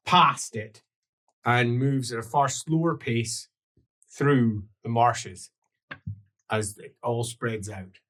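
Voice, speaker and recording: A man narrating a tabletop role-playing game as game master, in an animated way with laughs and sound effects. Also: medium pitch.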